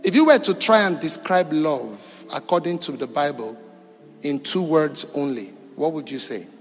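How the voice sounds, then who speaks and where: A man preaching a sermon to a congregation, rising to loud calls and dropping to quiet, drawn-out phrases. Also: fairly high pitch, expressive. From East Africa. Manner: call-and-response preaching, shifting between loud and quiet. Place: church hall. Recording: echoey church hall with music behind.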